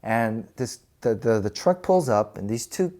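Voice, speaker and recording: A man in his forties telling stories casually in a podcast interview, animated and laughing often as he acts out quoted voices. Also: fairly low pitch, measured pace. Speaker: actor and podcast host.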